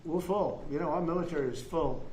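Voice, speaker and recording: A man's voice: fairly high pitch, a little fast, darkish tone. Rambling older man in an echoey room. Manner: rambling, boastful, repetitive. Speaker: president giving remarks. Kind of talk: off-the-cuff press remarks. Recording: echoey room with faint noise.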